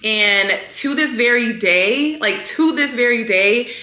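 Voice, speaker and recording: A young woman vlogging, chatting casually to the camera in an animated way, full of fillers. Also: on the high side, slow. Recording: echoey room.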